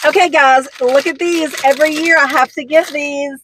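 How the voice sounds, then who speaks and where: Gushing woman, higher voice. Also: steady tone, moderate pace, fairly bright tone, a little hiss or hum, low-quality recording. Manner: chatty, gushing, rambling with fillers. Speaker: haul vlogger. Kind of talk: casual product haul chat.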